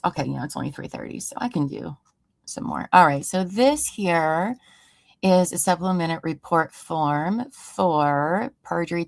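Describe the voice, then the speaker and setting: A woman with a low, deep voice reads an investigative report aloud to her stream audience. She breaks off into sarcastic, exasperated asides. The sound is close and dry, with no room echo. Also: creaky. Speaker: true crime livestream host. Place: home room.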